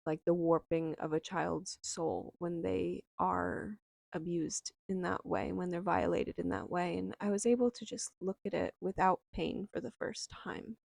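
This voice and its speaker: A young woman slowly and softly telling a personal memoir, reflective and unhurried, with lingering pauses. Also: on the low side, fairly even intonation, creaky, no echo. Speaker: storyteller.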